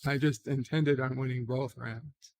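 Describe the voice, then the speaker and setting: Slow-talking man reading chat aloud. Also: medium pitch, fairly even intonation, darkish tone. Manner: reads chat comments aloud and replies offhand, frequent "uh" hesitations. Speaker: livestream host reading viewer chat. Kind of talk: casual late-night live stream chat.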